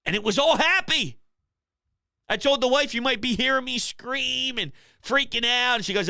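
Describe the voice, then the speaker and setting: Male call-in sports host, high gravelly voice, dejected and low-key, dry home office sound. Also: moderate pace, sharp tone, no echo. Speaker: sports talk show host. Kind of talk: call-in sports talk show.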